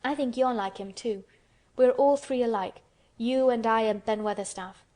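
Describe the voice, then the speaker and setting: A woman voicing a sickly, moody boy who talks wistfully and grows breathless with excitement. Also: on the high side, normal speed, natural voice.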